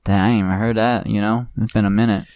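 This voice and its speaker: A man's voice: on the low side, quick pace, smooth, no room sound, studio quality. A young man co-hosting a casual podcast, steering the talk and breaking to ads. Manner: animated, steers the show. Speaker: podcast co-host. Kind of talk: casual chat.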